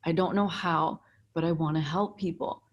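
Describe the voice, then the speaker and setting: A young woman with a lowish voice tells her story in a loose, chatty way. She swears freely and leans on "like" constantly, with lots of energy. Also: moderate pace, lo-fi sound. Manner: animated, swears freely, heavy use of "like". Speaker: breathwork facilitator, podcast guest. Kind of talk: casual storytelling.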